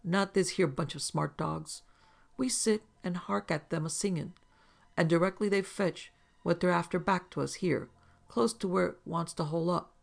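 A man voicing an old rustic mountain hunter, spinning unhurried tales in a folksy backwoods dialect. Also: high-pitched, creaky. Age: older.

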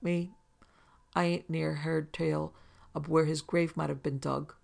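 A man voicing an old rustic mountain hunter, spinning unhurried tales in a folksy backwoods dialect. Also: a little high, level tone, vocal fry. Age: older.

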